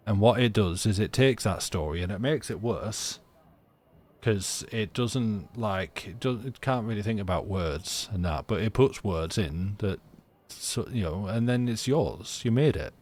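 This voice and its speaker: Rambling man, lowish voice. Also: a little mellow. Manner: rambling, halting, full of restarts, sarcastic jokes. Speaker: streamer playing a story game. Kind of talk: casual live-stream chat and reading game text aloud.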